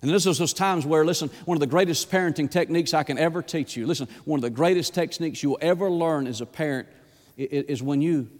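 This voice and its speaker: A pastor gives a fast, impassioned sermon in a voice that's a little high, the audio carrying a big-room sound. He repeats words as he builds, then shifts to a hushed plea.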